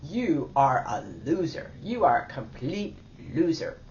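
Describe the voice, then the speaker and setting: A woman's voice: low voice, big pitch swings, unhurried, a little mellow, far from the mic, a little hiss or hum. A woman voicing a blunt, insulting inner critic, the monster part of herself that sneers at her. It sounds like a dull lo-fi recording. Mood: contemptuous.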